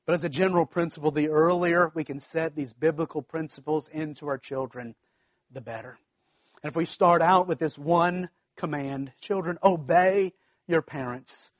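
A man's voice: a little high, no echo. A man, a pastor, preaching a sermon in a conversational way, with asides to the congregation and frequent restarts.

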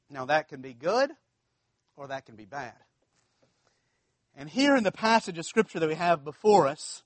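A man's voice: high voice, a bit bright, no room sound. A man from South Louisiana with a local accent, preaching a sermon as pastor in a conversational, storytelling way with folksy asides.

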